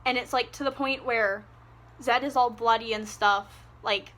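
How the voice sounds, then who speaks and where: A woman's voice: a little high, steady tone, measured pace, fairly bright tone. A young woman giving a casual, ranting book review, exasperated and sarcastic, swearing freely.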